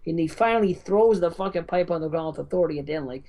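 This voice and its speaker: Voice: medium pitch, rapid-fire, dark tone, a little hiss or hum. A podcast co-host retelling a film's ending in casual chat, rambling and swearing freely. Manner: profane, rambling storyteller. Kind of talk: casual film review chat.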